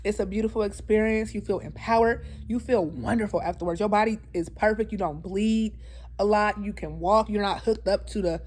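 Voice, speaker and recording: A woman vlogger with a medium-pitched, fairly quick and slightly mellow voice chats to camera in a casual storytime. Earnest and talkative, she keeps saying "y'all" and frequently drifts into emphatic, repetitive preaching.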